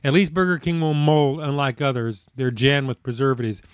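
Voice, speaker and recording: A man's voice: medium pitch, fairly even intonation, clear, resonant tone, no echo. A middle-aged man, hosting a casual food live stream, chatting in a rambling, folksy way and reading out viewer comments. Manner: rambling, folksy, complains about fast food.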